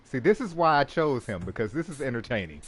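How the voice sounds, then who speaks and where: A man's voice: mid-range voice, big pitch swings, fast talker, husky. Man, casual reaction commentary, teasing, chuckling, faint music behind. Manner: laughing, teasing asides. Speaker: reaction streamer. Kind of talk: casual commentary over a clip.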